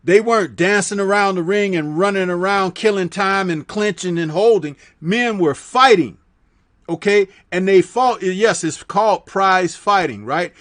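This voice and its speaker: High-voiced man lecturing about the old days. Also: unhurried, a bit bright. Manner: emphatic, lecturing, rhetorical questions. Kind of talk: casual boxing talk.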